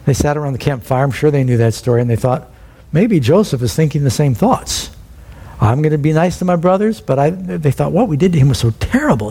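A man's voice: fairly high pitch, fairly quick, breathy edge. A man teaching a sermon verse by verse, in a conversational way, acting out the people he quotes. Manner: conversational Bible teaching with lively quoted voices. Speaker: preacher.

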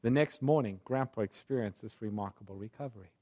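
A man preaching a sermon through a personal story, his delivery swinging from hushed tones to fervent pleading. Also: on the low side, quick pace.

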